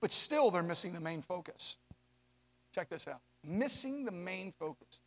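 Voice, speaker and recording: A man preaching a sermon to young adults, swinging from hushed asides to loud, drawn-out emphasis. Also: high-pitched, animated. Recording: long hall reverb.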